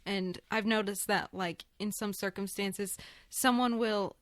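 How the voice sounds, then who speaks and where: Female podcast guest, reflective and relaxed; mid pitch, dry close mic. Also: a little slow, no room sound. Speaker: guest artist. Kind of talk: casual podcast chat.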